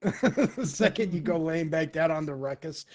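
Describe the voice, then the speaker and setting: A man's voice: fairly high pitch, animated, normal speed, a little mellow. A man narrating a tabletop game as game master, with lots of fillers and hesitations.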